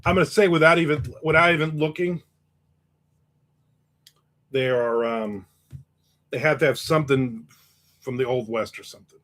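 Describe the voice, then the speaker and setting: A man hosting a casual livestream, reading viewer comments aloud and answering them with quick, joking asides. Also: medium pitch, a bit bright. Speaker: host.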